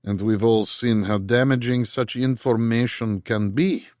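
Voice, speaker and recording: A male narrator voicing a suspicious Russian minister with a thick Russian accent, asking pointed questions slowly. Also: mid-range voice, steady tone, a little mellow, no room sound, studio quality, lightly acted.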